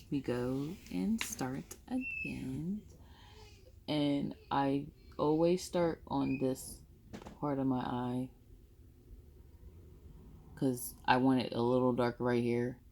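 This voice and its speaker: A woman's voice: sits low, gravelly. A young woman chatting casually through her makeup tutorial, rambling and correcting herself as she goes. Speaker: makeup vlogger.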